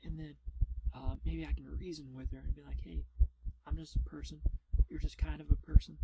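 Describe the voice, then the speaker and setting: A man's voice: a little high, little pitch movement, brisk, natural voice. Man whispering as a stubborn lost young girl, whispered role-play. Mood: hopeful. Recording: loud background noise.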